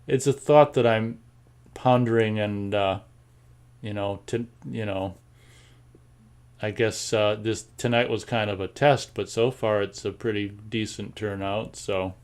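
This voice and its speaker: A man's voice: fairly low pitch, steady tone, unhurried, darkish tone. A man with a General American accent hosting a casual live show, reading chat comments and rambling with many fillers and repeated words.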